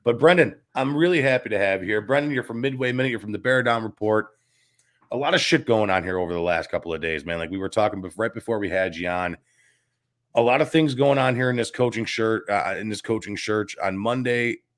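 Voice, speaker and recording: South side chicago guy hosting sports talk, loud and hyped, swears a lot, lowish voice. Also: a little fast. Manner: loud, excitable and profane. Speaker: sports show host.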